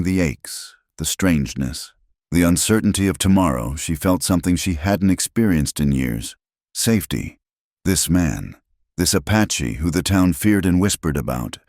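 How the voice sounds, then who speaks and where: A man narrating a Western story in a calm, measured, scripted style. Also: low voice, no room sound, studio quality.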